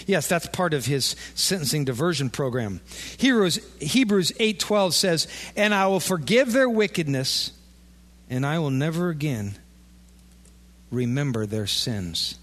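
A man preaching a sermon as pastor, animated and playing out imagined conversations with his listeners. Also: a little high, unhurried. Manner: animated, acts out imagined dialogue. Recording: long echo of a large hall.

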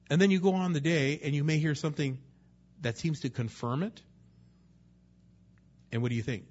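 A man's voice: a little high, a little fast, pauses often, a little mellow, highs cut off. A man preaching a sermon in a conversational way, sometimes acting out the voices of people he quotes. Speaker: pastor.

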